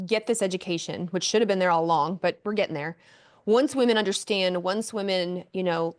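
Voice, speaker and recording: A woman who is a doctor, a guest on a podcast, explaining her topic in an animated way and now and then acting out what people say to themselves. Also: mid-range voice. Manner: animated, explanatory, acts out inner voices. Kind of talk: casual interview conversation.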